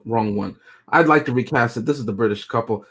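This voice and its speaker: A man's voice: mid-range voice, fairly quick, fairly bright tone, slightly rough. A man co-hosting a casual movie review chat, joking and chuckling often as he talks.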